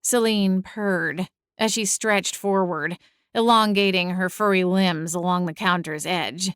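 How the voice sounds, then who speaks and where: A young adult woman narrating a first-person audiobook, expressive and exasperated in the dialogue. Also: fairly low pitch, unhurried, smooth, no room sound, clean studio sound.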